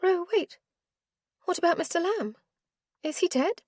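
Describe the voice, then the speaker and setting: A woman's voice: extremely high pitch, expressive, a little slow, darkish tone, no echo, voice pushed up. A fearful young noblewoman, put on by a woman narrator speaks in a lifted, anxious voice. The reading sounds close and dry, with no room around it. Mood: worried. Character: distressed young aristocratic woman.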